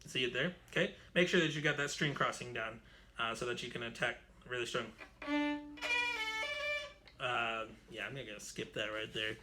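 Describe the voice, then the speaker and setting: A man's voice: medium pitch, steady tone, moderate pace, pauses often, over loud music. A man teaching an online string orchestra lesson, chatty and explanatory, correcting himself as he goes. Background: violin playing.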